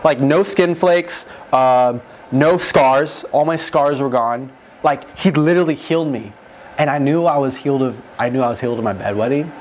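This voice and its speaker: A young man telling an emotional testimony in a group conversation, excited and rushed, full of "like", into a handheld mic. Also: mid-range voice. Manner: excited, rushed, fills speech with "like". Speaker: guest telling his near-death story. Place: room with other men holding mics.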